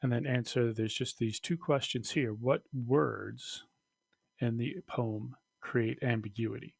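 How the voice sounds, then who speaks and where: A man teaching a recorded lesson, talking slowly with many fillers and restarts. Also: mid-range voice, steady tone, creaky, dry recording.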